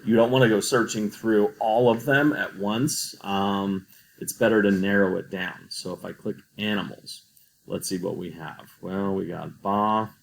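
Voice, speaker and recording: A man's voice: on the low side, steady tone, a little slow, vocal fry, low-quality recording. A man teaching a coding tutorial over a screen recording, patient and explaining each step.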